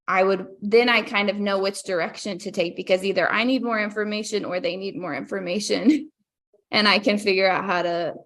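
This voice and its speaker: A woman with a gravelly, creaky voice speaks as a guest on a podcast. She talks in a thoughtful, measured way and explains her reasoning step by step. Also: mid-range voice, fairly even intonation, a bit bright. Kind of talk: casual chat.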